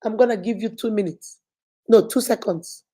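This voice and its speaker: A woman's voice: medium pitch, normal speed, warm tone. A woman, a life coach giving an emphatic, repetitive motivational lesson straight to her viewers. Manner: emphatic, repetitive, preachy, direct address. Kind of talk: motivational teaching to camera.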